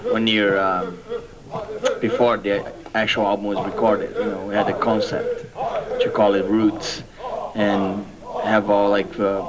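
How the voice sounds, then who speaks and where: A man from the band, speaking haltingly and searching for words in a casual documentary interview. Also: on the low side, little pitch movement, over a noisy crowd, low-quality recording. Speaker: band member. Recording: loud music behind the voice.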